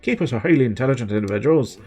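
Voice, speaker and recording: A man's voice: medium pitch, expressive, very fast, dark tone, slightly rough, soft background music. A man voicing a fed-up former town clerk in a video game, with a put-on Irish accent and a chatty, exasperated way of talking. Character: fed-up male former town clerk fleeing his life.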